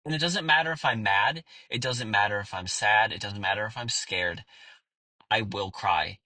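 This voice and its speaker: A man's voice: fairly low pitch, normal speed, sharp tone, no echo, low-quality recording. A man in his thirties hosting a podcast, talking in a candid personal monologue, blunt and earnest with plenty of swearing and fillers. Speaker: podcast host.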